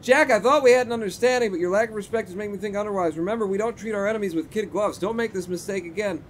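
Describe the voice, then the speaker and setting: A man's voice: high-pitched, rapid-fire, slight background noise, voice pushed up, natural voice. A man reading out a menacing crime boss from a game, in a raised, stern voice. He warns coldly and threateningly. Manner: stern, warning.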